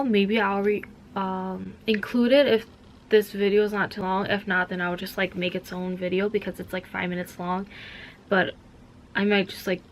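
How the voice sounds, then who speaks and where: Against slight background noise, a young Minnesotan vlogger talks casually to the camera in a mid-range voice. Her chat rambles along, heavily filled with "like."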